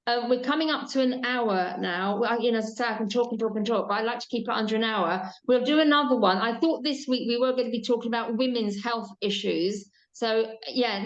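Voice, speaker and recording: Chatty woman host, dull sound. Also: on the high side. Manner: chatty, enthusiastic, repeats words. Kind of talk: casual chat.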